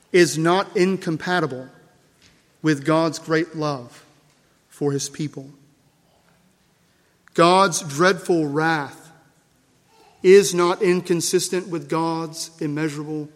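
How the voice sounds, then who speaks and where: A man preaching a sermon as pastor, emphatic and measured, repeating key phrases and letting his lines fall away softly. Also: fairly high pitch. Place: church. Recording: long reverb of a church hall.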